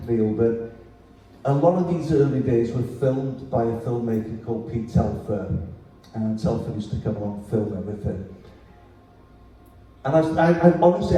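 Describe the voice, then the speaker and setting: A man from Wales telling lively anecdotes at a festival talk. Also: medium pitch, very echoey, recorded from a distance, a little hiss or hum, low-quality recording. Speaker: festival speaker. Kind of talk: storytelling at a literary event.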